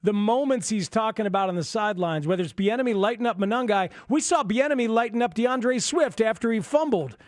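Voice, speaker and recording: A man hosting a sports talk radio show, chatting excitedly about football and taking calls. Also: high-pitched, fairly quick, hardly any pauses, no room sound, studio quality.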